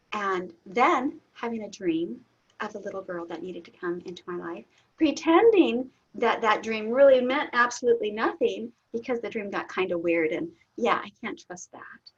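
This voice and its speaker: A middle-aged woman, a guest in an interview, telling a personal story candidly, laughing often and getting suddenly loud. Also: medium pitch, slightly rough. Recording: dull lo-fi audio.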